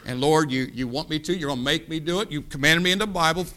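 Pastor, man in his 50s, American, fervent church sermon, very bright ringing tone, slightly high voice. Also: quick pace. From United States. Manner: impassioned preaching, swells loud then drops to hushed. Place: church sanctuary.

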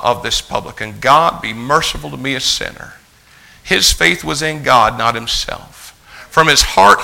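Bright-voiced preacher, fiery sermon. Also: male voice, mid-range voice, creaky, low-quality recording. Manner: emphatic, rising to shouted peaks then dropping to quiet storytelling. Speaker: pastor.

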